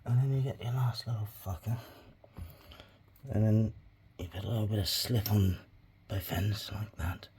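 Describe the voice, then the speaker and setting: A man's voice: on the low side, fairly even intonation, moderate pace, pauses often, darkish tone, breathy edge. A man making clay pots as he talks, rambling and swearing freely, often muttering asides under his breath. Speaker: crafting hobby vlogger. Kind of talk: casual crafting tutorial.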